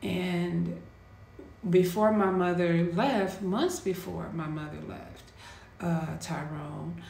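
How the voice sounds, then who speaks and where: A woman with a gravelly, fry-laced voice tells a painful personal story, slow and quietly intense with heavy pauses. She sits in an echoey room with a faint hum of ambient noise. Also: lowish voice, fairly even intonation.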